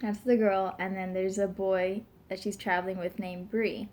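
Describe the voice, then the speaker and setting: This pregnant twenty-something vlogger speaks at normal speed in a darkish medium voice with little pitch movement. Chatting casually to camera, she rambles with lots of fillers and giggles and burps now and then.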